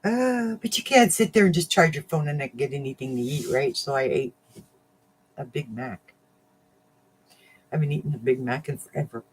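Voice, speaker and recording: A woman hosting a casual crafting livestream, chatting warmly with viewers, getting emotional and laughing often. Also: rumbling low, moderate pace, long pauses, a little hiss or hum. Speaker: livestream host of a crafting channel.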